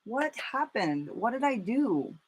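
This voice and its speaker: A woman's voice: a little high, slow pace, slightly rough. Chatty, profane woman doing a live makeup stream. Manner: chatty, profane, animated storytelling. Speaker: makeup vlogger. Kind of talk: casual live makeup tutorial chat.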